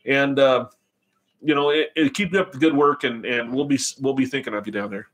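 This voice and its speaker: A man's voice: medium pitch, fairly quick, a bit bright. An older man hosting a casual live racing stream, joking and rambling with crude asides. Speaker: host.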